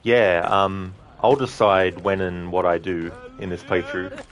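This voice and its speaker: A man streaming a game, chatting casually and warmly with viewers in a relaxed, rambling way. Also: sits low, unhurried. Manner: relaxed, friendly, rambling with fillers. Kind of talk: casual chat with viewers over gameplay.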